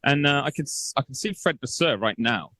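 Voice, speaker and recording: A man's voice: mid-range voice, expressive, brisk, sharp tone, no room sound, low-quality recording. A man reporting live from the pit lane for a radio show, chatty and hesitant, with many fillers.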